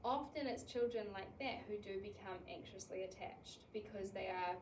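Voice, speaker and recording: A woman, an early childhood educator giving an animated talk on child care, acting out little scenes in quoted voices. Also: medium pitch, normal speed, background noise. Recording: echoey room, mic at a distance.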